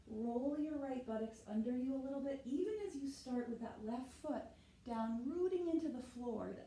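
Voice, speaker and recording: A woman's voice: fairly high pitch, warm tone, echoey room, a little hiss or hum, poor audio. A woman leading a yoga class, talking while she demonstrates the poses and often checking in with "right?". She sounds slightly out of breath from moving. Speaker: yoga instructor. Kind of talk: guided yoga class instruction.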